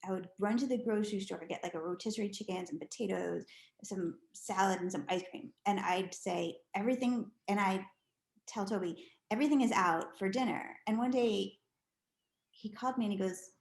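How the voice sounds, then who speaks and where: A woman's voice: medium pitch, moderate pace, creaky. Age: middle-aged. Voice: chatty woman, echoey room. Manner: animated, chatty, many "like"s and restarts. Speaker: podcast guest. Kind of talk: casual storytelling interview.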